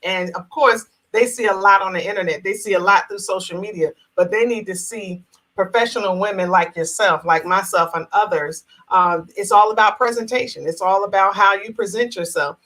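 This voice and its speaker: A woman's voice: medium pitch, moderate pace, fairly bright tone, low-quality recording. A woman from New Jersey hosting a casual live talk show over a video call, chatty and encouraging with frequent affirmations.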